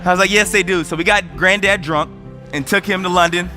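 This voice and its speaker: High bright-voiced man giving an energetic speech. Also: a little fast, faint music behind. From United States. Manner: energetic storytelling, voice rising with emotion. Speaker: motivational speaker. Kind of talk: motivational speech.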